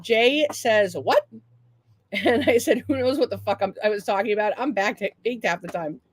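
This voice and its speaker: A woman's voice: medium pitch, normal speed, husky. A woman with a Boston accent co-hosting a podcast, chatting casually and reading listener comments with lots of swearing. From Massachusetts. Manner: profane, rambling, reads listener comments aloud. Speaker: podcast co-host. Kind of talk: casual chat.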